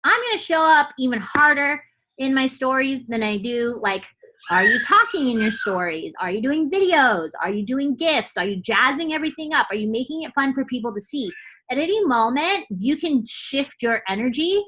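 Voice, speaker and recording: A woman's voice: high voice, animated, moderate pace, pushed and bright, low-quality recording. A woman coach giving a motivational team training talk, fired up and blunt, casual with swearing and lots of "like" fillers.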